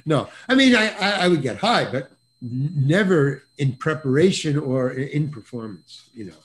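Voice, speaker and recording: Older man telling stories, animated. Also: on the high side, moderate pace. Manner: animated, stammering restarts, acts out others' voices in quotes. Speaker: guest actor. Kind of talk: casual anecdotal storytelling. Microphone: video call.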